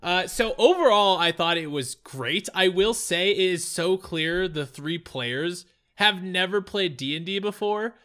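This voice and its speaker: A man co-hosting a podcast, telling stories in a casual, animated way with laughs. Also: sits high, a little slow, few pauses. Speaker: podcast co-host. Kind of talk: casual chat.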